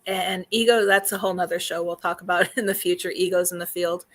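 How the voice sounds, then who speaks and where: A woman hosting a casual live stream, talking loosely with many fillers, greeting viewers, and a little hoarse as she loses her voice. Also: lowish voice, flat delivery, quick pace. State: slightly losing her voice. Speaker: host.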